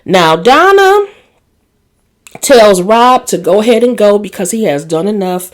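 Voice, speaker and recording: With lively intonation and a slightly slow pace, a medium-pitched woman walks viewers through a TV drama episode in casual recap style. Her chatty storytelling feels like gossip, complete with asides, laughter, and acted-out quotes.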